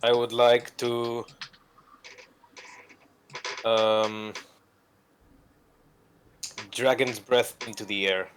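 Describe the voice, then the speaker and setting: A man's voice: mid-range voice, fairly even intonation, extremely slow, pauses often, a bit bright, slight background noise. A man playing a tabletop game online, joking playfully with hesitant fillers. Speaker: player. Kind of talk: casual tabletop game chat.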